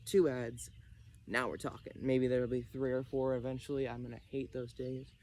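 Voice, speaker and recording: A man's voice: mid-range voice, level tone, moderate pace, a little mellow. A man vlogging outdoors into his phone while hula hooping, rambling casually and a little out of breath. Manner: chatty, rambling, self-deprecating. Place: outdoors in a rural backyard. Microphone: phone camera.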